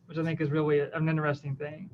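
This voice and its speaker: Eager male interviewer, a bit higher pitched, muffled recording with faint noise. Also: completely flat delivery, quick pace. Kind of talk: casual live interview.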